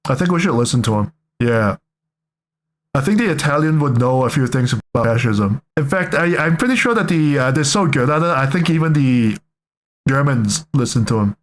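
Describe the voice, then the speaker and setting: A young man talks over the videos he is reacting to, joking and rambling as he goes. He often stops to correct himself mid-sentence, and his voice sits at an everyday pitch. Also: expressive, normal speed. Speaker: reaction streamer. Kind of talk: casual reaction commentary.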